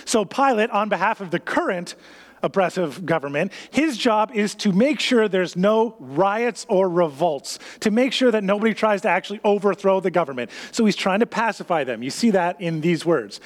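Male pastor, high voice, animated sermon delivery, long reverb of a hall. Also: normal speed. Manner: animated, acts out scenes in a raised voice.

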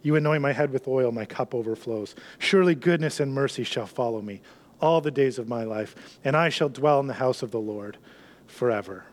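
A man preaching a sermon in an earnest way, often dropping to a soft hush on key lines. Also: medium pitch, brisk. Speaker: pastor.

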